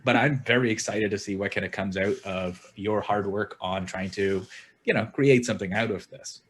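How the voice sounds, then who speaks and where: A man's voice: on the low side, normal speed, husky. A man hosting a podcast panel, talking earnestly and thinking aloud with frequent restarts. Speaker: podcast host. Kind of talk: casual panel discussion.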